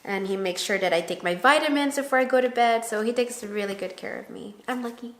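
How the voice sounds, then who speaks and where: A woman's voice: a little high, fairly quick. A woman, a new mother, chatting casually to camera with her husband and acting out remembered conversations. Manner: animated storyteller who acts out quoted dialogue. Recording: roomy echo.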